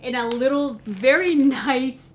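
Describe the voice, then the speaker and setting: A woman vlogger talks casually in a fairly high voice. She gushes over things in an excitable way, with gasps and soft exclamations. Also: unhurried, a little hiss or hum, rough recording. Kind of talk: casual unboxing chat.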